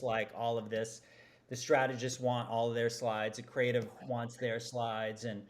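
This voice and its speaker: A man, an advertising executive, telling lively, self-deprecating stories as a guest on a podcast interview. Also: mid-range voice. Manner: animated, self-deprecating storytelling.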